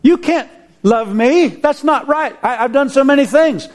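A man voicing an awestruck man who has just returned from death, pleading in a high, strained voice. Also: sing-song, moderate pace. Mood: awed.

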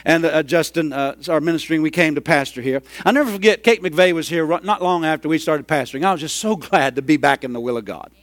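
A middle-aged man preaching a sermon, telling a story and rising into loud, excited hollering. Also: fairly high pitch, quick pace, few pauses, no echo. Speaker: pastor.

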